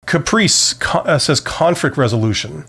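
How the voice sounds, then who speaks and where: A man's voice: on the high side, expressive, normal speed, vocal fry, bright, forceful tone, slightly rough. A middle-aged man hosting a live-stream Q&A, giving career advice in a loose, conversational way full of fillers and restarts. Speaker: career advice host answering viewer questions.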